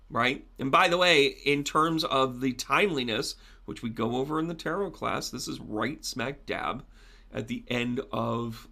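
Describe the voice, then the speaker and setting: A man giving a live tarot reading, talking with viewers in a chatty, animated, joking way. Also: on the high side. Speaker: psychic medium and tarot reader.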